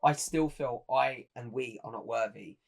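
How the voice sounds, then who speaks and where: Speaking in an unhurried, gravelly voice of medium pitch, a young podcast co-host in his twenties chats casually and earnestly, restarting often.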